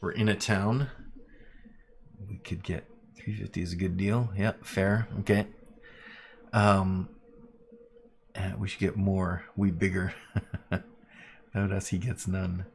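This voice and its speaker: A man's voice: on the low side, vocal fry, a little hiss or hum. A man running a tabletop role-playing game on a live stream, narrating loosely with plenty of fillers. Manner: loose, lots of fillers, laughs easily. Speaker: game master.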